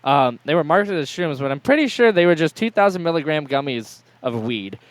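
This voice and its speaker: A man's voice: on the high side, expressive, brisk. A man co-hosting a podcast, telling a story in a laid-back way and swearing casually. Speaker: podcast co-host. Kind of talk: casual chat among friends.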